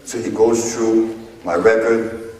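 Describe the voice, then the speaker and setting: A man giving a public lecture, speaking deliberately and posing rhetorical questions to his audience. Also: lowish voice, steady tone, a little mellow, a little hiss or hum. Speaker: lecturer addressing a group. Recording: echoey hall, voice from far off.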